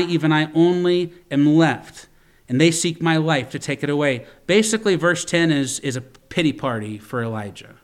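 A man preaching a sermon, reading scripture slowly and commenting with quick asides and frequent restarts. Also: fairly high pitch.

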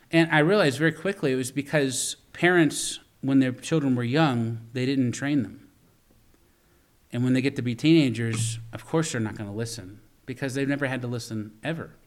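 A middle-aged man preaching a sermon as pastor, earnest and full of stories, with frequent stumbling restarts. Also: medium pitch.

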